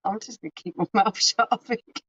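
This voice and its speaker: A woman from southern England with a southern English accent, chatting in an easygoing, giggly way. Her pitch sits in the middle. The sound is dull and lo-fi. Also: fairly quick, a bit bright, slightly rough. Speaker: beer livestream co-host. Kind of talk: casual chat. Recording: muffled lo-fi livestream audio.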